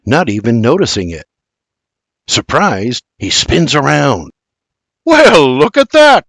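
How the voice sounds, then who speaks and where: Expressive older man narrating an audiobook. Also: medium pitch, husky, no room sound. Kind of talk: scripted storybook narration.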